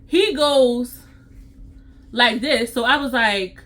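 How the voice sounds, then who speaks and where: Sassy, high-voiced woman storyteller. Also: animated, a little slow, bright, forceful tone. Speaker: CPR instructor. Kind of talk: storytime vlog.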